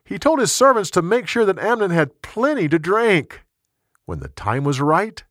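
Expressive male Bible storyteller. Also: high-pitched, normal speed, no echo, studio quality. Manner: expressive, animated character voices. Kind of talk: dramatic storytelling.

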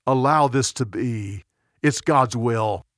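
A man voicing a calm, gentle male spiritual teacher who speaks in a measured, firm way in a storybook narration. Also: mid-range voice, no room sound, studio quality.

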